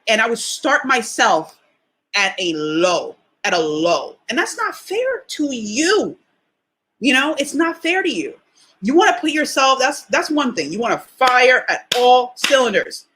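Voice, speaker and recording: A woman's voice: fairly high pitch, sing-song, a little slow, a bit bright. A young adult woman hosting a solo motivational podcast, talking in a chatty, emphatic way full of rhetorical questions. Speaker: podcast host.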